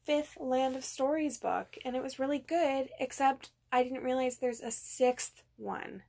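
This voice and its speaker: A woman's voice: high voice, unhurried, gravelly, mellow. A young woman co-hosting a podcast, chatting casually and teasing with a playful, giggly manner. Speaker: podcast co-host. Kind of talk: casual couple chat.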